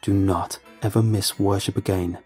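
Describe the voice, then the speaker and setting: A stern, emotionally distant father in a horror storybook hisses his commands in a hollow, slow, low voice, played by a man reading the tale. The delivery is dark and mellow, with faint music beneath. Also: fairly even intonation, natural voice. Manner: hissing, stern.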